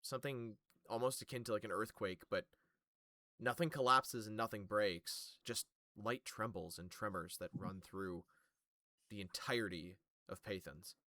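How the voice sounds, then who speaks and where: A man's voice: lowish voice, normal speed, pushed and bright, dry recording. Dry, close-miked male game master. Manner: loose, thinking aloud with fillers. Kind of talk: narrating a tabletop game.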